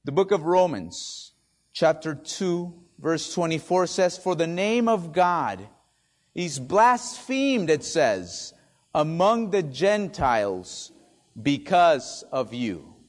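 With a slightly high voice and big swings in pitch, a male pastor takes his sermon slowly. His first language is Spanish, he comes from a Spanish-speaking country, and he uses dramatic near-whispers for emphasis.

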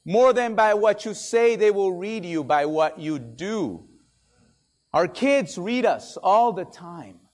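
High-voiced, slow dramatic preacher man. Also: animated. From Spanish-speaking country. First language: Spanish. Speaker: pastor. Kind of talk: sermon.

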